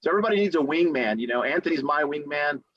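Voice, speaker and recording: A man's voice: a little high, quick pace, dry recording. Dry, slightly muffled male attorney talking. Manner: animated storyteller who acts out quotes; repeats key phrases for emphasis. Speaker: real estate attorney. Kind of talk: motivational podcast talk.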